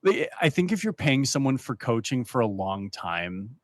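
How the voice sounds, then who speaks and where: A man's voice: mid-range voice, sing-song, moderate pace, no room sound. A man talking casually on a podcast as a poker player and coach, often stumbling and repeating words as he thinks. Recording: dry close sound.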